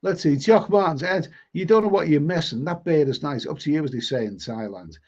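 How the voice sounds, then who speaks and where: A man's voice: a little high, expressive, a little fast, a little mellow. A middle-aged man with a Liverpool accent hosting a live stream, chatting casually and reading viewer comments, often stammering and repeating words. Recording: dull lo-fi stream audio.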